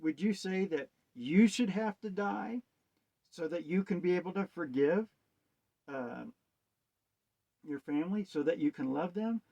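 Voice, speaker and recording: A man's voice: high voice, a little slow, creaky, pauses often, mellow. A man giving a rambling, hesitant monologue on wordplay and scripture, asking musing rhetorical questions. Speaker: self-styled preacher. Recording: dull lo-fi sound.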